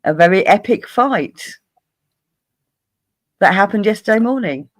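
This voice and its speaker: Woman, Kent English accent, livestream host, casual teasing banter, swears, lively pitch swings. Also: a little slow. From Kent, England.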